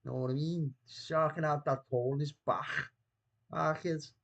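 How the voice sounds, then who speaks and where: A man hosting a casual live stream, his voice sitting a touch higher than most. He banters loosely, reads comments from the chat aloud, and laughs easily as he goes. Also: fairly even intonation, normal speed, creaky, dull audio. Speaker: watchalong host.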